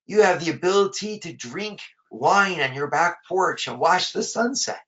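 A man's voice: high-pitched, expressive, normal speed, fairly bright tone, highs cut off. A man preaching a sermon in a conversational way, often repeating words as he rephrases his thoughts.

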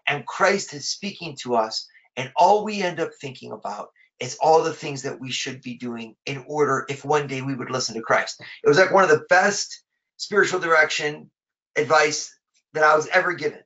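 Bright-voiced male preacher, conversational sermon. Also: a little high, normal speed, highs cut off. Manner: conversational, repeats words while rephrasing.

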